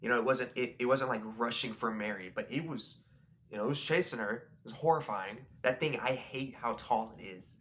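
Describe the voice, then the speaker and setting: A man's voice: mid-range voice, fairly quick, fairly bright tone, a little hiss or hum. A young man rambling casually about a film he just watched, often restarting his sentences. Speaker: video creator. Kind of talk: casual rambling movie review.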